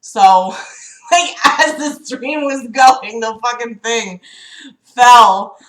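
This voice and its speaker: A woman's voice: on the high side, drawn-out words, a bit bright. A young woman with a slight cough hosting a casual livestream, chatting, swearing freely and reading a friend's book aloud. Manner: chatty, profane, fretful and giggly. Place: room at home. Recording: echoey home room.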